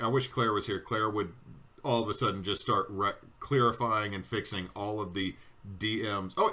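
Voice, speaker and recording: A man's voice: mid-range voice, sharp tone. A man narrating a tabletop game as game master over online voice chat, chatty and prone to digressions.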